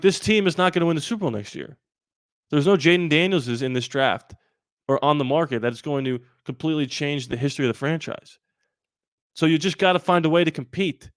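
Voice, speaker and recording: A man hosting a live sports talk stream, animated and rambling with quick asides. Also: fairly high pitch, no echo, clean studio sound. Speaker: sports channel host.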